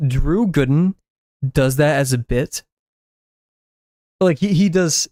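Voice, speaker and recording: A man's voice: fairly high pitch, slow pace, pauses often, a little mellow, dry recording. Dude rambling while he draws on stream, lots of likes and ums, dry close sound. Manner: rambling, filler-heavy musing. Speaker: art streamer. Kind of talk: casual chat while drawing.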